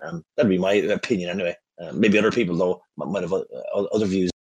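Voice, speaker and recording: A man's voice: sits low, steady tone, quick pace, a little mellow, slightly rough, dry recording. A man in a group discussion sharing a considered opinion, hedging often with "you know" and restarts. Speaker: discussion participant.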